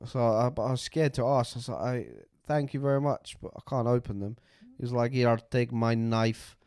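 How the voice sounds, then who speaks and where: A man's voice: medium pitch, brisk, warm tone, no room sound, clean studio sound. A man, hosting a podcast and telling a story casually, swearing freely and acting out the voices of the people he met. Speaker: podcast co-host.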